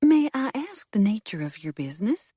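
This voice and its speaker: A woman voicing a nervous young Southern woman who answers the door, with a soft drawl, in an audiobook. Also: lowish voice, big pitch swings, normal speed, breathy edge, dry recording, studio quality, voice pushed up. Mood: coy. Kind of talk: audiobook character voice.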